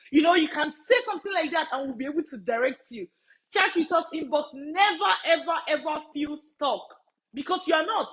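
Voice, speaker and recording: A woman's voice: high voice, a bit bright, low-quality recording. A woman study-abroad mentor speaking casually to viewers on a live stream, emphatic, repeating her key phrases and laughing often.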